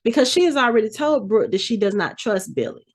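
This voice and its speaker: Speaking on the high side and fairly quickly, this podcast host chats casually through a TV episode recap. She tells it with animation, playfully performing the characters' lines.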